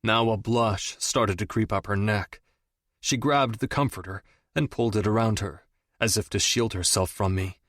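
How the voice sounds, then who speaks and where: Male audiobook narrator, first-person romance, lowish voice, dry close sound. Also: normal speed, fairly bright tone, no room sound.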